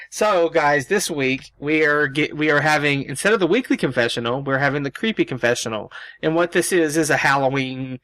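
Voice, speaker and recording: Bright-voiced man co-hosting a podcast. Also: a little high, expressive, moderate pace, no room sound. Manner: playful, reacts with short interjections. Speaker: podcast co-host. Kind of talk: casual chat.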